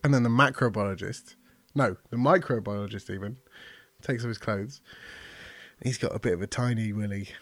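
A man's voice: on the low side, moderate pace, dry recording. A man on a comedy podcast, improvising a rambling joke and often giggling.

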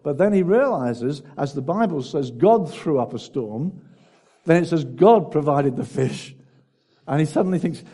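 Husky, dynamic male preacher. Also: fairly high pitch, expressive, moderate pace. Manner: swings between loud exclaiming and hushed, intimate asides. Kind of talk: sermon.

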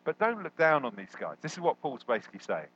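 A man preaching a sermon as a guest, animated and jokey, jumping up in pitch when he quotes people. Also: fast, breathy edge, highs cut off. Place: church hall.

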